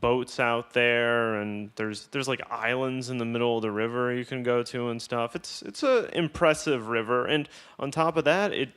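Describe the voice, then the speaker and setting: A man from the US Midwest co-hosting a casual comedy podcast, talking in a deadpan, sarcastic way with plenty of swearing. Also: medium pitch, normal speed, few pauses, clear, resonant tone. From Illinois, US Midwest. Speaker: podcast co-host.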